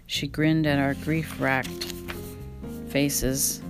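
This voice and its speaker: A woman with a low, gravelly voice reads a memoir aloud at home at an easy pace. She drops into relaxed asides of her own between passages, while plucked guitar music plays clearly behind her. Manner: unhurried reading, breaks off to talk to her pet. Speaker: reader and podcaster. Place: home, indoors.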